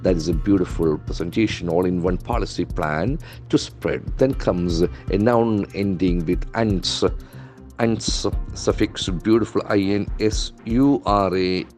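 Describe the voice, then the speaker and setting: Low-voiced trainer, methodical. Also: male voice, measured pace, a little mellow, faint music behind. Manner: methodical, spells words out letter by letter, keeps calling words beautiful. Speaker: English language trainer. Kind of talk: lesson.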